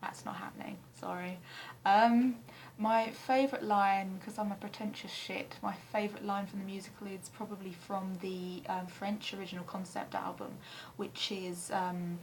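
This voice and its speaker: A young woman from England chatting casually to camera in her flat, rambling and self-deprecating with frequent ums and the odd swear word. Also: medium pitch, moderate pace, a little hiss or hum, low-quality recording. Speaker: vlogger answering a tag questionnaire. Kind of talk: casual chat. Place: flat, indoors.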